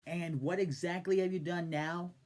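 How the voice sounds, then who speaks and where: A man's voice: sits high, steady tone, normal speed, a little mellow. A man ranting in casual video commentary, sarcastic and profane. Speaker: YouTube commentator.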